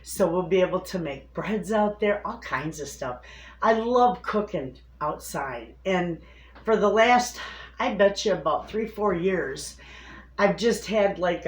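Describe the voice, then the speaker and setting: A woman's voice: fairly low pitch, roomy sound, a little hiss or hum, low-quality recording. A woman homestead vlogger chatting casually to the camera from her home, calling her viewers friends. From Michigan, USA.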